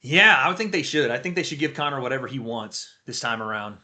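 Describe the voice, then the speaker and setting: A man hosting a casual livestream, talking fast and excitably about the news of the day. His voice has a bright, forward ring at a middle pitch. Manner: excitable, talkative, swears freely. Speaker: livestream host.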